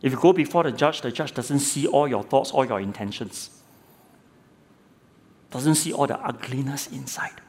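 A man's voice: mid-range voice, normal speed, pauses often, darkish tone, a little hiss or hum. A middle-aged man and lay preacher preaching a sermon, telling a courtroom story and asking his listeners rhetorical questions, often repeating words as he starts a phrase. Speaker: lay preacher, former judge.

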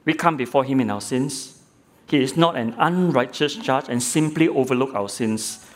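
A man's voice: mid-range voice, moderate pace. Middle-aged male preacher asking rhetorical questions. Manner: illustrative storytelling with rhetorical questions; repeats words when starting phrases. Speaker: lay preacher, former judge. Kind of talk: sermon.

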